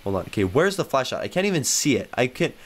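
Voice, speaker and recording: A young man giving excitable let's-play commentary, jumping into high squeals when startled or thrilled. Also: fast, a little hiss or hum. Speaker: gaming YouTuber.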